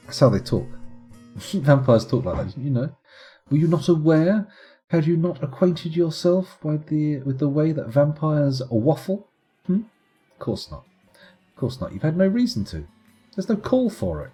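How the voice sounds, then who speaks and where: A man's voice: medium pitch, animated, normal speed, dark tone, husky, soft background music. A man streaming live gameplay commentary in a playful, chatty, self-mocking way.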